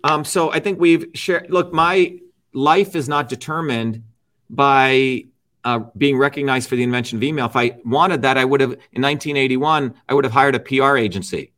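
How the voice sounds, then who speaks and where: A man's voice: mid-range voice, normal speed, fairly bright tone. A middle-aged man as an interview guest, lecturing emphatically, repeating his key phrases and checking in with "okay?" and "right?". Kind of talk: argumentative interview talk.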